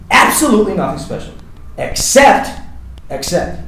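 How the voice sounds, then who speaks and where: A man from Uzbekistan whose first language is Uzbek, giving an animated motivational talk to students that is full of repetitions and questions like "right?". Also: a little high, moderate pace. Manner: animated, repeats himself, keeps asking "right?". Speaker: guest presenter at a language academy. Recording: heavy echo, far from mic, faint noise.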